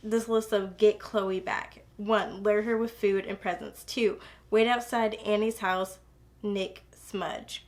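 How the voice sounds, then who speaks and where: A young woman chatting casually about a book she loves, gushing and rambling with lots of fillers and restarts. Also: mid-range voice. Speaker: book reviewer. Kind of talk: casual book review chat.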